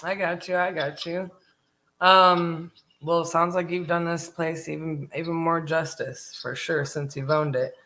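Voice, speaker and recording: A woman's voice: sits low, little pitch movement, measured pace, fairly bright tone. A woman with a Southern US accent leading a live sales call as host, friendly and affirming, mirroring the caller. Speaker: real estate investor, host.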